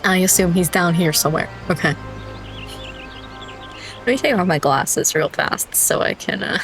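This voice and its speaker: A woman's voice: lowish voice, lively intonation, a little slow, pauses often, a bit bright, faint music behind. A young woman streaming a video game, chatting casually and breaking into giggles. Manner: giggly, easily cracks up, chatty asides.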